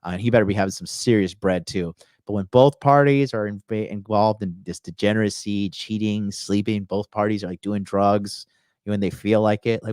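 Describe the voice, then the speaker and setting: A low-voiced man delivers a blunt, scolding reaction commentary. He hammers his points home by repeating the same phrase again and again. The sound is dry and close, with no room around it. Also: steady tone, moderate pace, darkish tone, no room sound. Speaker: host of a dating advice channel.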